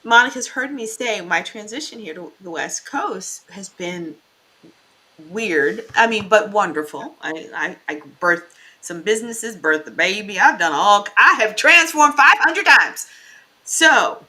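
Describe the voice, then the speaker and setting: A woman's voice: medium pitch, unhurried, poor audio. A woman from Baltimore, a co-host chatting expressively on a talk show. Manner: lively and expressive. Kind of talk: casual talk show chat.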